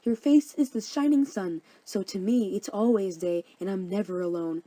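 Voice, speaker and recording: A woman's voice: mid-range voice, normal speed, warm tone, dry recording, close to an everyday voice. A woman voicing Helena, a clingy, lovesick young woman who pleads in a whiny, raised voice. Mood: pleading.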